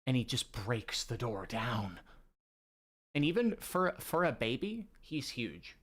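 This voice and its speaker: A man reads a manga aloud and stops to react as he goes. He is excitable and uses slang and swearing. His pitch sits in the middle. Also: slow.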